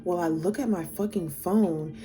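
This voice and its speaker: A woman's voice: lowish voice, measured pace, warm tone. A young woman telling a personal story in a casual storytime, rambling with lots of fillers and swearing, her voice climbing when she gets worked up.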